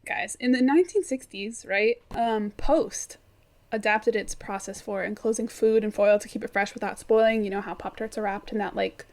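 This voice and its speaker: A woman's voice: medium pitch, normal speed, a little mellow. A young woman co-hosting a casual podcast chat, reading out facts with giggly asides. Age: young adult. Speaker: podcast co-host presenting research.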